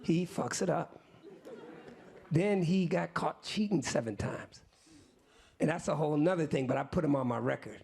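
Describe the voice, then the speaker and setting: Gravelly-voiced man telling a lively story. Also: on the high side, moderate pace, long pauses. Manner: animated, acts out other people's lines in quotes; casual slang-filled talk with asides to the audience. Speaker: musician guest. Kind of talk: live storytelling to an audience.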